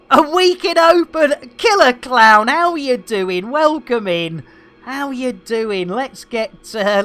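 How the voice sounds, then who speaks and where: A man's voice: extremely high pitch, fairly bright tone. A man hosting a live gameplay stream, rambling through jokey banter and cheeky asides. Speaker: livestream host.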